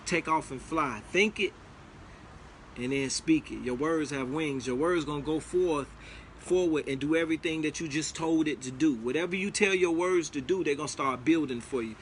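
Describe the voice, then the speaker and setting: A man's voice: fairly high pitch, a bit bright, a little hiss or hum. A man giving a casual motivational talk, preachy and emphatic, repeating his key lines. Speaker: motivational speaker.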